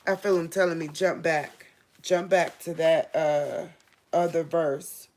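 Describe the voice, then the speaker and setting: A woman reading Bible verses aloud with solemn emphasis, pausing to talk casually and excitedly to her viewers. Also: sits low. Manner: reads scripture slowly and solemnly, breaking off to talk to viewers. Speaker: religious video host. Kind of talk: informal Bible reading and commentary.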